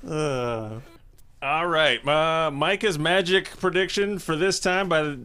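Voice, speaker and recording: Chatty man on a podcast, slightly high. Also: slow, bright, forceful tone, clear, resonant tone. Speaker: podcast co-host. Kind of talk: casual podcast chat.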